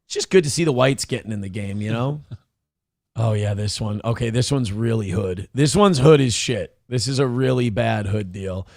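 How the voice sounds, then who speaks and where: A man hosting a morning talk show, riffing crudely and mockingly on news clips with sudden loud outbursts. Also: lowish voice, normal speed, no echo, studio quality. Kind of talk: casual comedic commentary on news clips.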